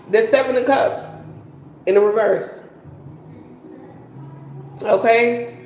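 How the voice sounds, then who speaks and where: A woman's voice: fairly high pitch, drawn-out words, darkish tone, roomy sound, faint music behind, low-quality recording. Chatty woman doing a live tarot reading. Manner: chatty, laughing, swearing, slangy asides. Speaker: tarot reader.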